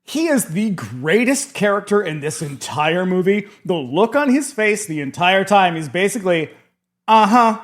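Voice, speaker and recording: A man co-hosting a horror film podcast, chatting casually and lively, often cutting in with his points. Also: high voice. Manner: lively, quick to interject. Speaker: podcast co-host. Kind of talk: casual movie chat.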